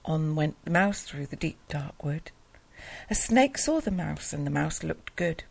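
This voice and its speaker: Gravelly-voiced woman reading a picture book. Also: low-pitched, lively intonation, measured pace, no room sound. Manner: sing-song rhyming delivery. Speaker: storyteller.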